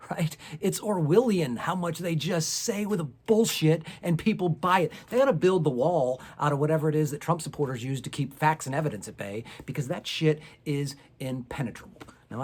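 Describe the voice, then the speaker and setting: Sarcastic ranting comedian on a porch. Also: male voice, fairly high pitch, husky. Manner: sarcastic, ranting, profane, rising to loud outbursts. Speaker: stand-up comedian. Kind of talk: stand-up set without audience. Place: back porch, outdoors.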